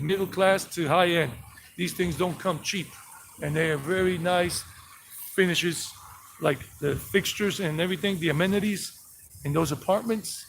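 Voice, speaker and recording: A man's voice: sits high, vocal fry, a little hiss or hum. A man with a Southern US accent, from South Carolina and Georgia, walking outdoors and chatting rambly through a street tour while greeting viewers. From South Carolina and Georgia, USA. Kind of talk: live-streamed walking tour narration. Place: outdoors on residential streets with passing traffic.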